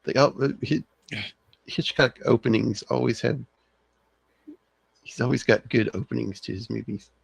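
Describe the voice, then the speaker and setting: A man hosting a livestreamed movie podcast, talking in a laid-back, halting way and laughing often. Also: mid-range voice, fairly even intonation, gravelly, husky, no room sound. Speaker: podcast host. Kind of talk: casual movie discussion.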